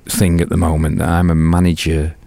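A man's voice: deep voice, monotone, a little fast, creaky, dark tone, no room sound. An older man with a British accent, talking as an interview guest. He tells stories animatedly, swears freely and acts out other people's lines. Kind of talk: casual interview storytelling.

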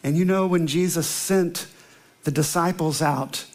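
A man pastor opening with prayer, then preaching a sermon in an earnest storytelling manner, slowing down to stress repeated lines. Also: on the high side. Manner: earnest storytelling, emphatic slow repetitions.

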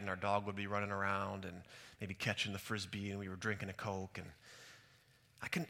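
A man's voice: fairly low pitch, sharp tone. A middle-aged man, a pastor, preaching a sermon and telling personal stories in an earnest, reflective way, recorded on a stage mic in a large church hall. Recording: hall reverb.

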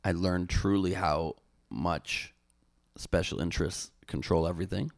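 A man's voice: low voice, steady tone, a little slow, gravelly, no room sound, studio quality. A young man, a comedian and former candidate, telling a story in a casual interview, with many restarts.

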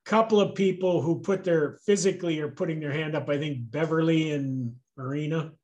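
A man speaking as guest on a video call, relaxed and reassuring. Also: fairly high pitch, normal speed. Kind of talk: casual video-call chat.

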